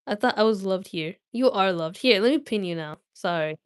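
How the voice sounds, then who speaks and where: A woman's voice: mid-range voice, lively intonation, fairly quick, clear, resonant tone, dry recording, clean studio sound. Chatty woman streamer reading aloud. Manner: chatty and playful with viewers, with many restarts. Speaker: livestream host reading aloud. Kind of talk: casual livestream chat and read-aloud.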